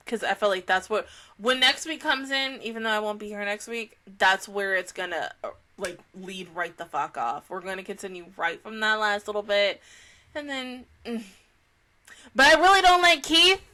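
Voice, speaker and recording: A woman's voice: medium pitch, lively intonation, moderate pace, pushed and bright. A woman reacting to an anime in casual chat, swearing and emotional.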